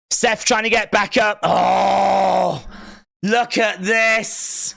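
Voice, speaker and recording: A man giving live reaction commentary as a wrestling watch-along streamer, emotional and excitable, often shouting and reading viewer chat aloud. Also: sits high, takes it slowly, vocal fry.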